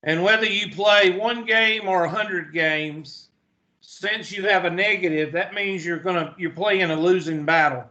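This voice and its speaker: Guy teaching math real slow, folksy jokes, kinda high voice, muffled lo-fi audio. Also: pushed and bright. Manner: folksy, joking asides, slow deliberate delivery. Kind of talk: classroom lecture. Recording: dull lo-fi classroom recording.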